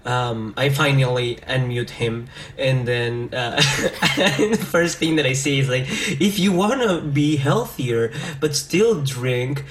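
Teasing male podcast co-host with lively pitch. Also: a little hiss or hum. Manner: teasing, quick to laugh, lively banter. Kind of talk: casual podcast chat.

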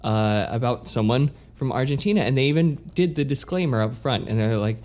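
A man's voice: mid-range voice, brisk, few pauses, darkish tone. A man from the United States chatting casually, easygoing and hesitant with lots of fillers. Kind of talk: casual chat.

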